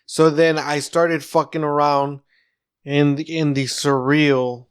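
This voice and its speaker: A man's voice: on the high side, flat delivery, slow pace, clean tone. A man from South Texas hosting a comedy podcast, talking in rambling stop-start bursts. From Rio Grande Valley, South Texas. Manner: rambling, stammering restarts. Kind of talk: casual podcast chat.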